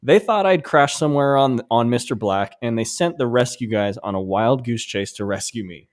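A man co-hosting a podcast, reading a listener's story aloud with animated delivery. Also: medium pitch, moderate pace. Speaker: podcast co-host.

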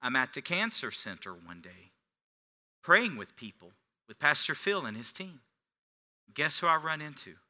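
A middle-aged male pastor preaching a sermon, telling a personal story, swinging from hushed confession to loud preaching. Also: a little high, big pitch swings, normal speed, pauses often. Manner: confessional storytelling, dropping to near whispers then rising to shouts.

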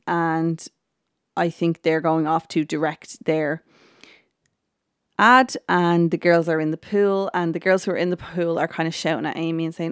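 A woman with a lowish voice hosts a podcast recap in a relaxed, chatty way. She hesitates with ums, restarts her sentences and slips into quoting what people said. The recording is close and dry, with no room sound. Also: moderate pace, clean tone, dry recording. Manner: chatty storytelling with frequent ums, restarts and quoted lines. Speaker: podcast host. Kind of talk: casual recap of a TV episode.

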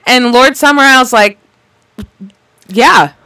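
A woman's voice: high-pitched, slow pace, sharp tone, clear, resonant tone. A woman co-hosting a podcast, recapping a movie in casual chat, laughing often and swearing freely. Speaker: podcast co-host.

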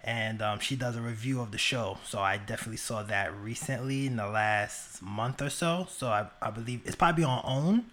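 A man's voice: mid-range voice, a little fast, hardly any pauses, a bit bright, slight background noise. A man joining a live stream to answer the host, speaking in an easygoing, casual way with some hesitation. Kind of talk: casual conversation.

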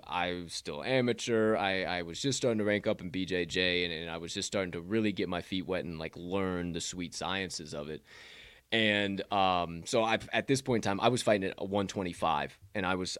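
A man with a lowish voice hosts a sports betting show, swearing freely as he rambles through stories and updates. The sound is dry and close, with no room around it. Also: fairly quick, clear, resonant tone, no echo. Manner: profane, rambling storyteller. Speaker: podcast host. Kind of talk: casual sports betting chat.

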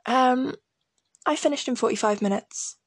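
Giggly young woman, gravelly edge. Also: sits high, moderate pace, no echo, clean studio sound. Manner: giggly, self-mocking, animated. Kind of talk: casual chat, reading from an old diary.

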